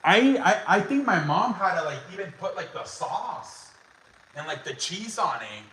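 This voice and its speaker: Young male host, bright forceful voice, slightly high pitch, laughing casual storyteller who swears and fills with "like". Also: sing-song, moderate pace, slightly rough, low-quality recording. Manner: laughing often, swearing, many "like" fillers. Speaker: podcast host.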